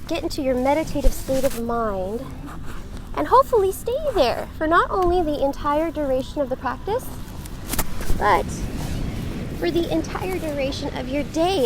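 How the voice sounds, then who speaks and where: A woman's voice: high-pitched, background noise. A woman, a yoga instructor live-streaming from the beach, chatty and welcoming as she greets her viewers. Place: outdoors on a beach.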